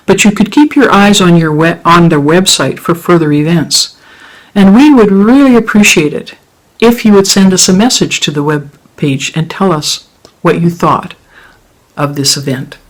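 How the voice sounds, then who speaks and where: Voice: medium pitch, poor audio. A storyteller telling a folk tale to a live audience and then closing the evening as host. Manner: slow, expressive storytelling.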